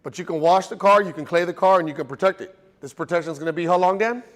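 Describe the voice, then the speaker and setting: A man runs a car detailing class in front of a live group. His voice sits a bit high. He teaches in a loose, joking way, with plenty of stories. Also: fast talker, in a large hall. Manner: casual, joking, storytelling.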